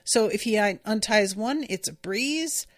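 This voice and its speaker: A woman's voice: mid-range voice, animated, a little slow, no room sound, studio quality. A woman hosting a podcast, recapping an episode in a chatty, exasperated way with lots of filler words. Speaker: podcast host. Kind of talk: casual episode recap and commentary.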